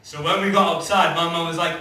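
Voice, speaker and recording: A man's voice: on the high side, steady tone, fast talker, pushed and bright. A young man from England doing a swearing, brash stand-up comedy set and acting out quoted lines. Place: comedy club stage before a live audience. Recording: very echoey live room from a distance.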